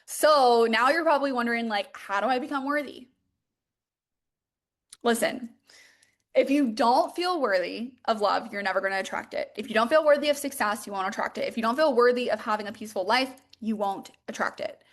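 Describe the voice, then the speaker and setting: A young woman coaching her listeners in a loose, emphatic podcast monologue. She leans on fillers and swears freely for emphasis, and her voice sits a little high. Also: a little fast. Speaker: podcast host, mindset coach. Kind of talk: motivational monologue.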